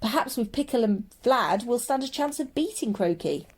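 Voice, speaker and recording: A woman's voice: on the high side, animated, normal speed, a little mellow, breathy edge, voice pushed up. A woman voicing an earnest young boy who pleads urgently to rescue his family. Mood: eager. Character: earnest determined young boy, the narrator-hero.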